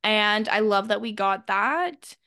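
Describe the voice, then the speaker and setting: A woman co-hosting a podcast, chatting casually and loudly as she recaps a TV episode and acts out the characters' lines. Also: medium pitch, slow, clean tone, no room sound, studio quality. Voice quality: loud. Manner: animated, acts out characters' lines when retelling. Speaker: podcast co-host.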